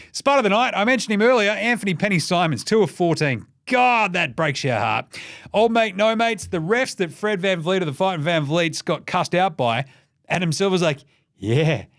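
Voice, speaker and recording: A young Australian man runs through the night's basketball scores in a loose, sweary, rambling way. His voice sits a little high, and it comes across dry and close with no room sound. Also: a bit bright, no room sound. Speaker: NBA recap podcast host. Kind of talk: casual sports recap.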